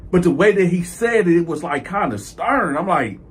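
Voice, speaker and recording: Husky, high-voiced man telling a story. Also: lively intonation, normal speed. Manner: stammering repeats and profane, acted-out quotes. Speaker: YouTube storyteller. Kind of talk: animated storytelling vlog.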